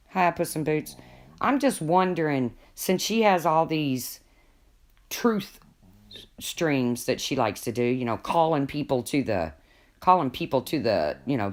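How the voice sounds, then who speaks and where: A woman hosting a casual live stream from home, gossiping with viewers and talking to her pets in between. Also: sits low.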